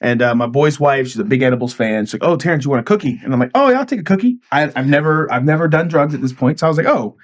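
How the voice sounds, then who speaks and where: A man telling a story in casual podcast chat, animated and acting out quotes with big jumps in pitch. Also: racing, hardly any pauses. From California.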